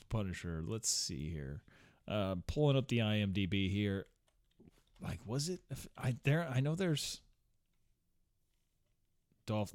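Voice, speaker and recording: A man in his forties rambles through a casual chat, full of fillers, restarts and the odd curse. His voice sits on the low side, and the recording is close and dry with no room sound. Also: dry recording. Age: 40s. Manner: meandering, many fillers and restarts, swears and chuckles.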